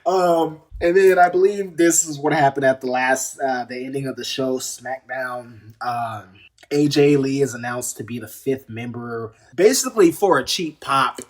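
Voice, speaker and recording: In a mid-range voice and at a measured pace, a man reviews a wrestling show in a casual, exasperated rant. He's sarcastic and heated, often repeating words and restarting his sentences.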